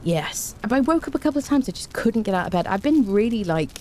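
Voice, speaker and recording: A woman's voice: medium pitch, big pitch swings, fast, dark tone, slight background noise. A woman streaming a game, chatting casually and greeting viewers one by one. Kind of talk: casual livestream chat.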